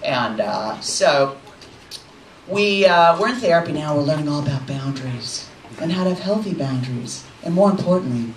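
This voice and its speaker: Woman in her forties, stand-up comedian, brash and profane, lively swooping delivery, echoey club sound with a laughing crowd. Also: low-pitched, fairly quick. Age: 40s. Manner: brash, profane, self-mocking. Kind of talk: stand-up set. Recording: echoey club mic from a distance, audience laughter.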